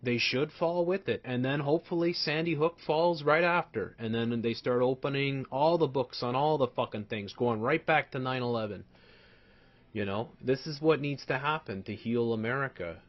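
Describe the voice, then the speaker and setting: A man rants in outraged commentary, full of profanity and repeated phrases. He lurches between bitter mutters and loud outbursts. The recording sounds dull and lo-fi. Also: medium pitch, moderate pace. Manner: furious, profane, repeats himself, swings between shouting and muttering. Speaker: commentator reacting to a video. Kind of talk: angry ranting commentary.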